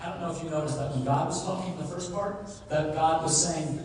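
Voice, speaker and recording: A man preaching a sermon as pastor, retelling scripture with lively acted dialogue. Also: fairly high pitch, a little fast, distant mic. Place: church sanctuary. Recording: echoey hall recorded from afar.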